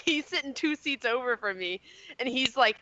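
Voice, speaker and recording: A woman's voice: high voice, expressive, moderate pace, sharp tone, no room sound, raised voice, lo-fi sound. A woman from Indiana telling a long rambling story on a casual podcast, with lots of fillers and giggles. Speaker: podcast co-host.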